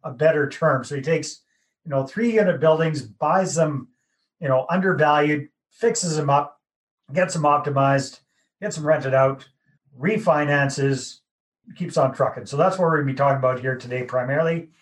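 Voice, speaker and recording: A man's voice: a little high, normal speed. A man from Canada hosting a podcast interview, chatting in a friendly, joking way. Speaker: podcast host. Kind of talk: casual interview chat.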